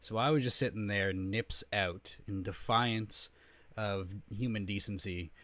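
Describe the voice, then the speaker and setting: Man, low voice, casual gameplay commentary, rambling, self-deprecating, dry close sound. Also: unhurried, a bit bright, no room sound. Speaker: gaming video creator.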